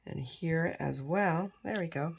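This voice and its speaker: A woman's voice: sits low, unhurried, creaky, breathy edge. A middle-aged woman hosting a crafting video, chatting casually while she works and sounding tired. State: tired and yawning. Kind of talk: casual crafting tutorial chat.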